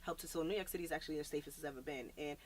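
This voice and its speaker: A woman's voice: low voice, racing, slight background noise. A woman guest on a podcast, talking earnestly in a casual interview with loose fillers. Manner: earnest, animated, many "like" and "um" fillers. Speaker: podcast guest, nonprofit founder.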